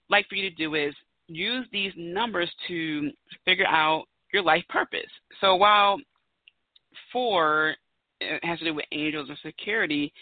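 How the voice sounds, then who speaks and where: A woman in her thirties hosts a solo podcast in a lowish voice, chatty and emphatic as she drives her points home. The dry recording sounds tinny, almost like a phone.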